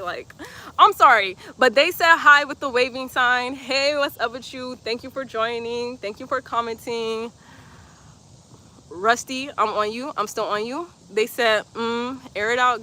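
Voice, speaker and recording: Bright and forceful, a slightly high female voice leads a live-streamed yoga session outdoors. The instructor is playful and chatty as she reads comments, often laughing and delivering breathy cues.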